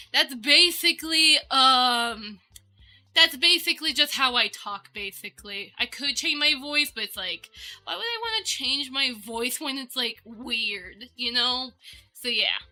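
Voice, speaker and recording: A woman's voice: sits high, pushed and bright. A woman streamer chatting casually and bubbly with her viewers, giggling often. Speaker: VTuber streamer. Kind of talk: casual livestream chat. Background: faint background music.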